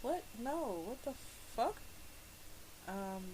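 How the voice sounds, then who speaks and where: A young woman does a let's play, commenting live on a video game with game music behind her and slight background noise. Her voice is a little high with a dark tone, and though animated, she speaks slowly, swearing often and breaking into fits of laughter and shrieks.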